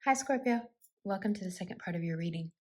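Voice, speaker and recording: A woman giving a tarot card reading in an intimate, reassuring way. She laughs easily and sometimes drops into soft whispers. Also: on the low side, expressive, fast talker. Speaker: tarot reader.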